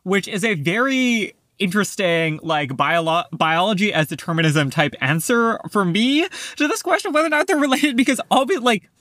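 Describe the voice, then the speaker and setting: A young man hosting a casual book podcast, chatty and quick with lots of fillers. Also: high voice, lively intonation, sharp tone, dry recording, clean studio sound. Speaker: podcast host.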